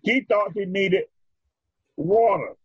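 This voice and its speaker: A male preacher giving a sermon in a rhythmic, drawn-out style, calling for responses from his congregation. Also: high voice, slightly rough, no room sound. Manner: rhythmic, drawn-out phrasing, leads the congregation in repeating lines. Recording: dull lo-fi recording.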